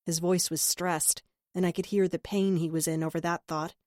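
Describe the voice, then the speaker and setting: Lowish woman narrating an audiobook. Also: fairly even intonation, a little fast, few pauses, darkish tone, dry recording, clean studio sound. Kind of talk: first-person scripted narration.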